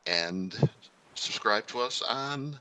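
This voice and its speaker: A man's voice: medium pitch, expressive, takes it slowly, sharp tone, no echo. A man with a New York accent, reading thank-yous in a loose, stumbling way. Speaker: co-host.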